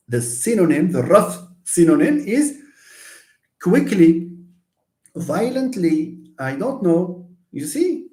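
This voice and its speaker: A man teaches syntax in a live session, pausing often with fillers and restarting his sentences. His voice is mellow and sits a little high for a man. The sound carries the echo of a bare room. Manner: hesitant, many fillers and restarts, explanatory. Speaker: linguistics lecturer. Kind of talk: live online lecture on syntax.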